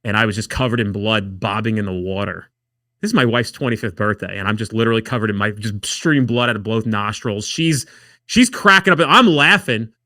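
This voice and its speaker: A man's voice: fairly low pitch, a little fast, dry recording, clean studio sound. A man on a podcast telling wild stories casually, swearing a lot and acting out what others said. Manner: profane, animated storyteller acting out quotes. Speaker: podcast guest. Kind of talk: casual storytelling.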